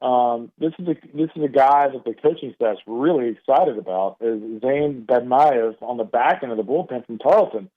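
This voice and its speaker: A man's voice: medium pitch, moderate pace, hardly any pauses. A man with an East Texas drawl calls in as a baseball analyst and talks through his picks in a loose, rambling way, with plenty of fillers and restarts. His mid-range voice comes through a thin, tinny phone line. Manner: loose, filler-heavy talk with many restarts. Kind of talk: radio interview commentary. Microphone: phone call into studio.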